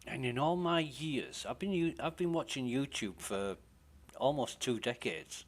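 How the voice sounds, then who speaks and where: A man talks loosely on a game stream, swearing freely and restarting his sentences. His voice sits at an ordinary pitch for a man, with no strain. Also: expressive, a little slow. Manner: rambling, sweary, self-interrupting. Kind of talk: casual stream chat.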